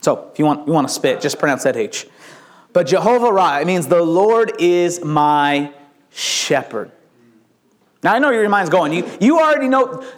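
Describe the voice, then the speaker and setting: A man's voice: a little high, normal speed. Playful, stammering male preacher. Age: adult with young children. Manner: animated, playful preaching with stammered restarts and jokes. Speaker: pastor. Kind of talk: sermon.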